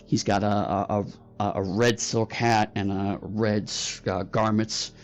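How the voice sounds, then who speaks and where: A man narrating a tabletop role-playing game as game master, pausing often with fillers. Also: lowish voice, fairly even intonation. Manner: hesitant, many fillers. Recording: slightly dull sound with faint music.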